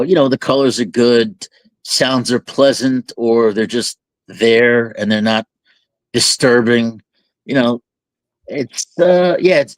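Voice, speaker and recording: A man's voice: mid-range voice, dry recording. A man co-hosting a candid podcast, talking reflectively and building extended metaphors. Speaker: podcast co-host. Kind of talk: candid conversational talk.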